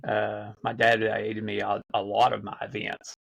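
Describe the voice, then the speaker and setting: Man, gravelly voice, rambling podcast guest, casual storytelling. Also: lowish voice, completely flat delivery, a little slow, poor audio. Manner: rambling, many fillers and restarts.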